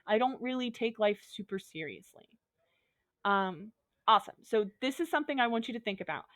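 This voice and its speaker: A woman's voice: on the high side, animated, brisk, a bit bright, no echo. A woman teacher giving a recorded online lesson, upbeat and a little goofy, talking students through examples step by step.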